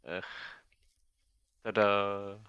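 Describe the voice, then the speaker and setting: A man's voice: fairly low pitch, level tone, very slow, bright, forceful tone, clear, resonant tone, no room sound, lo-fi sound. A man chatting casually on a trading stream, making dry, laid-back remarks. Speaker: co-trader on the stream. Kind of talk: casual chat.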